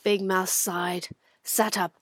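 A woman hosting and narrating a children's radio drama, animated and dropping to whispers for suspense. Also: fairly low pitch, takes it slowly, a little hiss or hum. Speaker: narrator and host. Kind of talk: expressive children's story narration.

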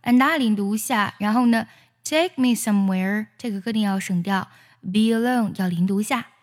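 A woman, a native Chinese speaker, teaching the pronunciation of English song lyrics: she explains linked and dropped sounds, then sings each line slowly. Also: mid-range voice, big-room sound.

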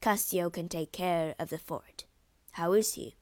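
Formal male envoy, slow and measured; woman reads him. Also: fairly low pitch, dry recording, lightly acted.

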